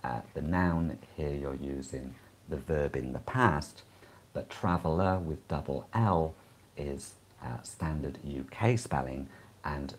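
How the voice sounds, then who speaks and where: A man teaching English exam preparation, explaining calmly with frequent short pauses. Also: extremely low pitch, breathy edge. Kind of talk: live-streamed exam advice lesson.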